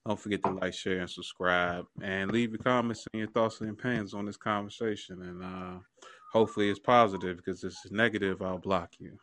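A man hosting a podcast, wrapping up the episode in a relaxed, laid-back way. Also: low voice, brisk, dry recording. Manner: relaxed, laid-back, chuckles between phrases. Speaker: podcast host. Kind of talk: casual podcast outro.

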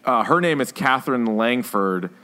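Brief: male podcast host, mid-pitched, chatty, laughs and swears casually. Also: animated, normal speed, sharp tone. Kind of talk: casual chat.

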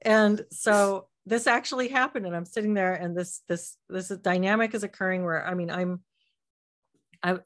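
Lower-pitched woman telling a story. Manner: animated storytelling. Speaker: podcast co-host. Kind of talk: casual live-stream discussion.

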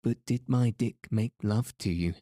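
A man's voice: fairly low pitch, measured pace, mellow, no room sound, studio quality, lightly acted. A man reading the part of a loving young woman disguised as a boy in a storybook, speaking in earnest, old-fashioned words. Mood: tender. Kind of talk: audiobook reading.

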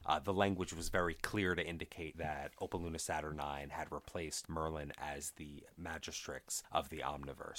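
Casting: very deep-voiced male podcast host, measured, analytical. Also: fairly bright tone. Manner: measured, analytical, with ums and uhs. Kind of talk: casual comic book discussion.

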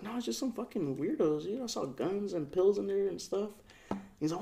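A young man with a slightly high voice tells a story on a podcast in loose, slangy talk. He swears freely and acts out the voices of everyone in it. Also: a little fast, vocal fry, slight background noise. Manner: slangy, profane, animated retelling with voiced quotes. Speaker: podcast co-host. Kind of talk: casual storytelling.

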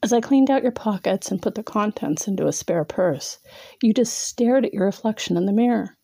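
A woman's voice: mid-range voice, expressive, moderate pace, gravelly, warm tone, breathy edge, no echo. A woman narrating a second-person erotic story in a teasing, domineering way, sometimes dropping to a whisper.

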